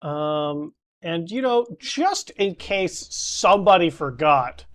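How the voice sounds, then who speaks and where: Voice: medium pitch, very animated, slow pace, fairly bright tone. A laid-back, teasing game master narrating a tabletop game, laughing often.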